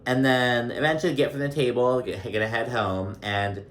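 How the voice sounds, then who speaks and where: A man casually recapping a reality show episode, chatty and gossipy, laughing often and filling pauses with ums. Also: mid-range voice, fairly even intonation, slight background noise. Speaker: recap vlogger. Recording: roomy echo.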